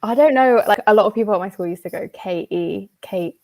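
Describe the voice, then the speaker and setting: A woman's voice: mid-range voice, rapid-fire, darkish tone. A British woman chatting on a video call, chatty and laughing as she talks. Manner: chatty, laughs while talking. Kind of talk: casual chat.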